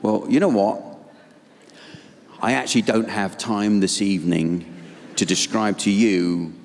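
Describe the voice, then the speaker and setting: A man with an English accent doing live stand-up comedy in a deadpan, sardonic manner on a stage mic. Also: fairly low pitch, a little slow. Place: theater stage. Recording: reverberant live venue, audience noise.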